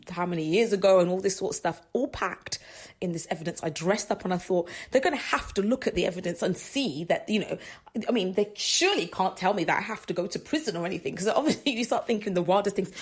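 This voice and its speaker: A woman, hosting a gospel radio show and telling a personal story in an animated way, acting out what others said and laughing often. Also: on the low side, slightly rough. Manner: animated, acts out quoted dialogue, laughs often.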